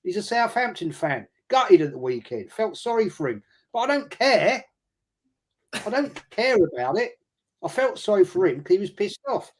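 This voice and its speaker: A man's voice: sits high, very animated, normal speed. A man with a London accent joining a casual fan chat. He talks bluntly, swears, and mocks rivals in sarcastic put-on quotes. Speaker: guest fan pundit.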